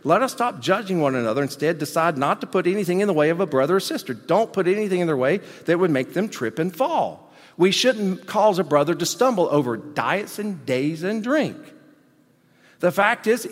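Animated preacher man in a hall. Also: moderate pace. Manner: animated preaching, swinging between loud emphasis and low asides. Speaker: pastor. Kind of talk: sermon. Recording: long hall reverb.

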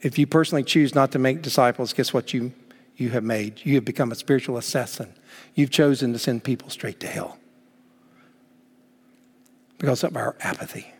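A man preaching a sermon emphatically, swinging between loud exclamations and hushed words. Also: medium pitch, brisk, long pauses, husky. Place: church sanctuary. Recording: long reverb of a church hall.

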